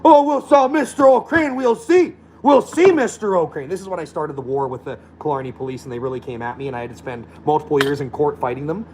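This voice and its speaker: A man's voice: mid-range voice, a little hiss or hum, rough recording. A man ranting bluntly and combatively, swearing freely in a loose, profane monologue. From Alberta, Canada. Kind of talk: profane rant.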